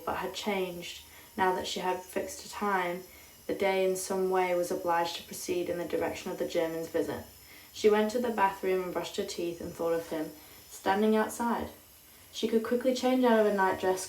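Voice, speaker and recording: Calm woman reading a story slowly. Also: on the low side. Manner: slow, calm, measured. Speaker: audiobook reader. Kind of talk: scripted literary narration. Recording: roomy sound, distant mic.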